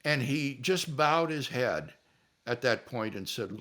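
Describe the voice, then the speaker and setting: An older man, a philosopher telling stories and answering questions in a relaxed, animated way. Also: medium pitch, slow pace. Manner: animated storyteller, acts out quotes.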